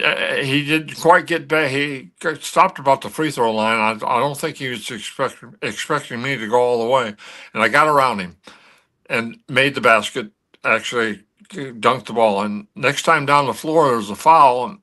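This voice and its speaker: An older man telling a story with a bright, forceful edge to his voice. He talks in an animated way, often stumbling and restarting mid-sentence, like a former athlete swapping old memories on a sports show. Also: medium pitch. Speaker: guest, former pro athlete.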